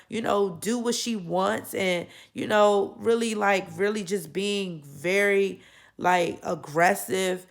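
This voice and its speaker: Woman vlogger with a cold, gravelly, frank and opinionated. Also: medium pitch. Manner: opinionated, frank, many fillers and restarts. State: getting over a cold. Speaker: YouTube channel host reviewing a series. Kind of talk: casual opinion vlog.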